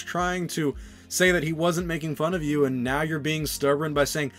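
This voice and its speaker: A man's voice: on the high side, expressive, normal speed, fairly bright tone. Young guy ranting on his vlog, exasperated and sarcastic, bit of music under it. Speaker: channel host. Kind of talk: opinion commentary vlog.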